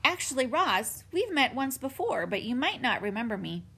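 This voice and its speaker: A woman's voice: sits high, big pitch swings, moderate pace, gravelly, bright, forceful tone, breathy edge, pitched above the performer's own voice, heavily acted. A woman voicing a friendly female otter who chats in a casual, easygoing way. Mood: chatty. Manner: casual, chatty.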